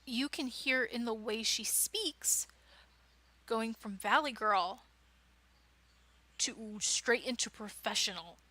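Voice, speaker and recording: A woman from the United States leads a writing club with an informal, chatty teaching talk full of restarts and fillers. Her voice is on the high side with a sharp tone.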